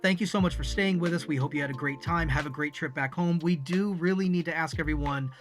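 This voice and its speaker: A courteous hotel manager addresses a crowded lobby in a formal, patient tone, as a storyteller quotes him. The voice sits a little high for a man. Faint music plays underneath. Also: quick pace, natural voice. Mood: polite.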